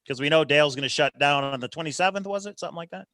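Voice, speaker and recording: A man's voice: on the high side, very fast, a bit bright, no echo. A man hosting a casual live stream, easygoing and laughing often as he reads out viewer comments. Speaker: host of a treasure hunt show.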